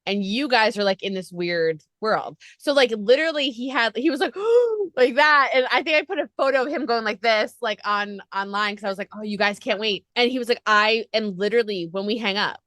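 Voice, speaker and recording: A woman's voice: fairly high pitch, a little fast, hardly any pauses, fairly bright tone, no echo, clean studio sound. A woman interviewing a guest over a video call, chatty and rambling. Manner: chatty, rambling, lots of fillers. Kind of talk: casual interview chat.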